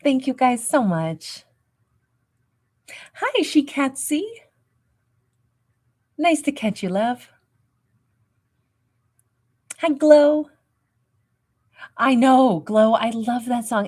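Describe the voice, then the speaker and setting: A woman's voice: on the high side, slow, pauses often, a little mellow. Peppy woman tarot reader livestreaming. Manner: peppy and emphatic, coaxing, greets viewers with endearments. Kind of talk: livestream tarot reading and viewer greetings.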